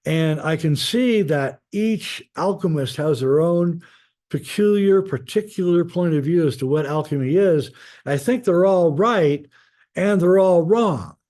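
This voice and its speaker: Guest author guy rambling along, dark mellow tone, lots of ums. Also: a little high, expressive, unhurried. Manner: rambling, many fillers and restarts. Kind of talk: casual spoken storytelling.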